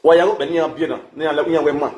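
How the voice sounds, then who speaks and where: A man's voice: fairly high pitch, fairly even intonation, very fast, a little mellow. A man with a Nigerian accent giving an angry, scolding rant as a vlogger. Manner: scolding, insulting, heated rant. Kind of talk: angry ranting commentary. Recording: echoey room, faint background noise.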